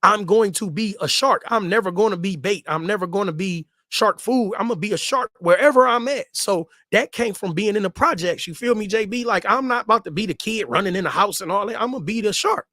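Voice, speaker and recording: High-voiced man telling stories in slang. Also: fairly quick, few pauses, pushed and bright, no room sound, clean studio sound. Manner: loose street slang, repeats himself for emphasis. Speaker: host telling his story. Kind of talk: casual storytelling.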